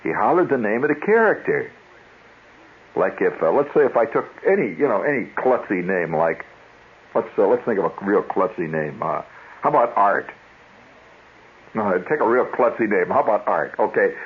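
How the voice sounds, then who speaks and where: A man's voice: fairly low pitch, very animated, normal speed, husky. A man hosting a radio show, telling wry, rambling stories and often interrupting himself, heard on a dull lo-fi 1970s radio broadcast. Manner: wry, storytelling, self-interrupting. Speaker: radio host. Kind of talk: rambling monologue.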